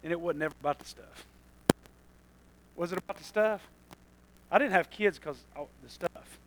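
A man preaching a sermon, moving between quiet asides and loud passages and laughing at his own jokes. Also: fairly high pitch, normal speed, slight background noise, rough recording. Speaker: pastor.

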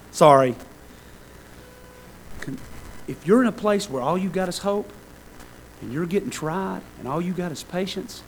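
A high-pitched man preaching to a congregation, swinging between easy, joking asides and loud, fervent climaxes. Faint room noise sits behind him. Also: unhurried, long pauses, poor audio. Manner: fervent, building to loud shouted peaks; conversational, self-deprecating asides with laughter. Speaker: pastor. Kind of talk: sermon.

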